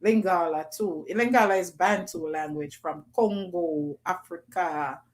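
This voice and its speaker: A woman's voice: fairly low pitch, unhurried. A woman hosting a casual livestream, chatting and reading viewer comments aloud. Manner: chatty, reads comments aloud, playful patois bits.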